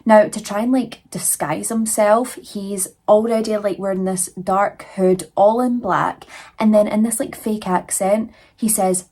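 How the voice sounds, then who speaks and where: A woman's voice: mid-range voice, fairly even intonation, a little slow, mellow. A young adult woman hosting a true crime channel, telling the case in a chatty, casual way full of fillers. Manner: chatty, frequent "like" and "you know" fillers.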